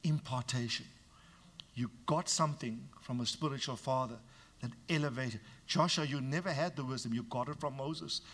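A male pastor preaching a sermon to his congregation, frank and teasing, dropping to quiet asides and then rising to emphatic, raised lines. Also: fairly high pitch.

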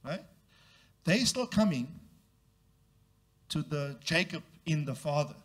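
High-voiced male preacher, call-and-response. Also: animated, takes it slowly. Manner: call-and-response preaching, has congregation repeat phrases; acts out quoted voices with big jumps in pitch. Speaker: pastor. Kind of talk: sermon.

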